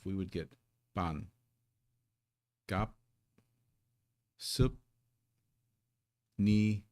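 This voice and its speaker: A man teaching a live online Korean lesson, patiently explaining and sounding out syllables slowly. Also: low-pitched, gravelly, darkish tone, dry recording.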